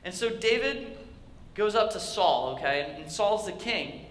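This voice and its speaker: A man's voice: high voice, expressive, a little slow, a bit bright. A young male youth pastor preaching a sermon in a large church hall. He tells the story casually and jokingly and acts out the characters. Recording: echoey hall with faint ambience.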